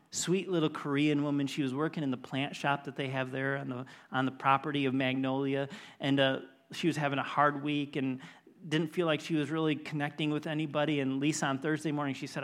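A man's voice: on the high side, fairly bright tone. A middle-aged man preaching a sermon as a pastor, telling a personal story in an earnest way and building to emphatic preaching.

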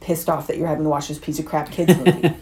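A woman's voice: low voice, flat delivery, quick pace, mellow. A woman hosting a casual movie review podcast, talking frankly, swearing now and then and laughing often. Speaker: podcast host.

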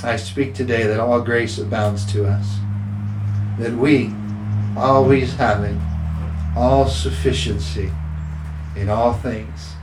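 A man's voice: lowish voice, noisy background. A man preaching a sermon as pastor, emphatic and repeating scripture declarations. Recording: roomy sound with faint ambience.

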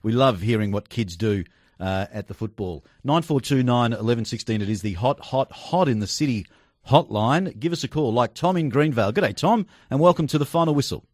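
A man's voice: medium pitch, expressive, a little fast, dry recording. An easygoing man hosts sports radio, reading texts and taking calls in a mid-range voice. The studio sound is dry and close. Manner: easygoing, reads listener texts. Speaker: radio show host.

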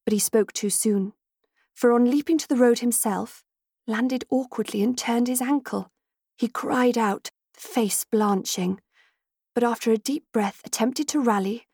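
A woman narrating an audiobook in a measured, expressive storytelling manner. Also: a little high, slightly rough, dry recording. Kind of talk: scripted narration. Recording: dry close studio sound.

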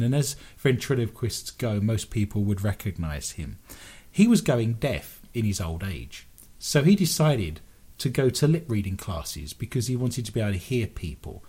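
A man's voice: lowish voice, mellow, slightly rough. A man hosting a radio show, telling odd stories with wry, jokey asides. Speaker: radio host. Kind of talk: comic storytelling on radio.

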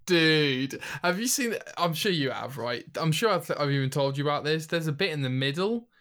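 A man from Norwich with a Norfolk accent co-hosting a casual chat show, animated and quick to laugh and do voices. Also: fairly high pitch. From Norwich, England. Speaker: podcast co-host.

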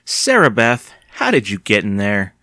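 A man voicing a cold, stern aunt of about eighty, speaking slowly in a hard voice. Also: mid-range voice, huge pitch swings, a bit bright, dry recording, clean studio sound, pitched above the performer's own voice. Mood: mock playful. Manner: slow, hard and cold delivery.

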